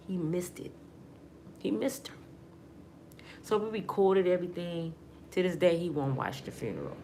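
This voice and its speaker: A woman's voice: on the low side, moderate pace, pauses often, mellow, slight background noise. A middle-aged woman from Michigan, earnestly telling her life story as a personal testimony in casual, emotional talk. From Michigan, USA.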